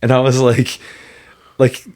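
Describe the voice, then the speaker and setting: A man who coaches fighters, co-hosting a podcast and telling a story with animated energy and frequent laughter. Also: medium pitch, a little slow. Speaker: MMA coach and podcast co-host. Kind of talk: casual podcast chat.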